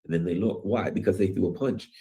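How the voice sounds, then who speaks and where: A man's voice: sits low, quick pace, warm tone. A man hosting his own news commentary channel, talking in a rambling, emphatic way and acting out what other people say. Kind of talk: opinionated solo commentary.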